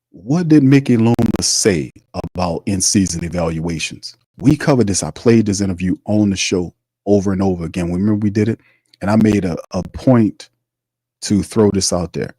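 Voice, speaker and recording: A man hosts a sports livestream in a low, dark voice with a touch of huskiness. He talks emphatically, circles back to his points, and reads chat messages aloud. The sound is dry and close. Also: breathy edge, no room sound, low-quality recording. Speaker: sports show host.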